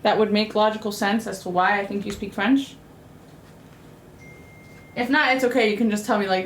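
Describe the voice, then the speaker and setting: A woman's voice: medium pitch, steady tone, normal speed, long pauses, slight background noise. A young American woman chatting casually with viewers while she cooks, sassy and rambling with lots of fillers. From United States. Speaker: streamer cooking and chatting with viewers. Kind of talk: casual live-stream chat.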